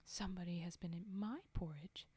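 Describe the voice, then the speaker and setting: A woman voicing a middle-sized mother bear with an even, plain manner in a whispered role-play for a storybook reading. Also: fairly low pitch, a little fast, husky, dry recording. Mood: puzzled.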